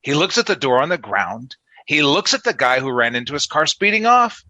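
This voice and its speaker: A man co-hosting a podcast talks in a chatty, joking way. His voice is bright and forceful, recorded dry and close to the mic. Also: on the high side, sing-song, a little fast, no echo. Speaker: podcast co-host. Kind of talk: casual podcast interview.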